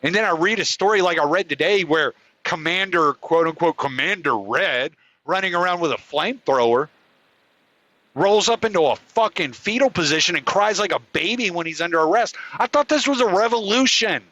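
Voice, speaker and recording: A man's voice: high-pitched, expressive, fairly quick, sharp tone, low-quality recording. A man hosting his own show, delivering an angry, profane rant. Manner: furious, profane, heated ranting. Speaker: podcast host. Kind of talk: angry ranting monologue.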